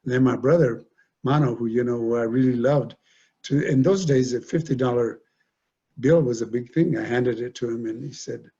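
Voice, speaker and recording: An older man, a guest speaker, telling personal stories in an animated way with many fillers. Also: mid-range voice, normal speed, slightly rough. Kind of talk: storytelling talk. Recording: dull lo-fi recording.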